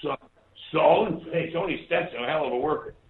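A former wrestler from Hawaii, a man with a voice on the high side, rambles casually through his stories at a moderate pace, swearing freely. The sound is echoey and tinny, like a phone.

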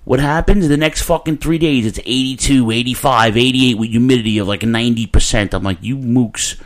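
A man, hosting a casual podcast chat in a rambling, profane, animated way. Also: mid-range voice, brisk. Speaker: podcast host.

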